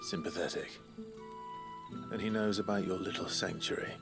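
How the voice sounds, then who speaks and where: Casting: very deep-voiced, sardonic game rebel, over game music. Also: male voice, steady tone, moderate pace, creaky. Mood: wry. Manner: dry and sardonic. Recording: game audio with music behind.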